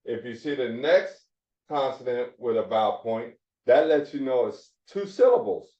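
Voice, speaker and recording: A man's voice: medium pitch, lively intonation, normal speed, warm tone, recorded from a distance. A man teaching a Hebrew phonics lesson to a class, repeating each point and checking in with "all right?". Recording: dull echoey classroom recording.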